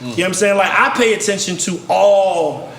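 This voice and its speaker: A man from Virginia telling stories in casual chat, animated and acting out the people he quotes. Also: high-pitched, moderate pace, echoey room, a crowd in the background. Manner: animated storyteller, acts out quotes. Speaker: guest rapper and songwriter.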